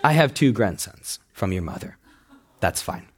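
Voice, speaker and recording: A stern, devout elderly Korean grandmother, as a young man quotes her in his own somewhat low voice. She speaks bluntly and gets straight to the point. She sounds matter-of-fact throughout. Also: very animated, unhurried, slightly rough, heavily acted.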